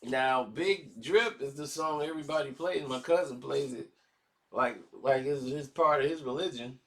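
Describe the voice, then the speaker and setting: A man hosting a casual commentary vlog, talking in slangy, animated style and acting out quotes. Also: medium pitch, moderate pace. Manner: animated, slangy, acts out quotes in other voices. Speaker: commentary channel host.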